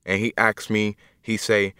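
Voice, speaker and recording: A man reading an audiobook as a humble, gentle young man in jail, speaking slowly and earnestly in plain dialect. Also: on the low side, flat delivery, smooth, dry recording, studio quality. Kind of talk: audiobook first-person reading.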